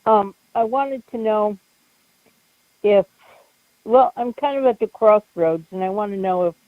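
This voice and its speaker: Female caller, hesitant, halting, dull lo-fi line, dry. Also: medium pitch, dry recording.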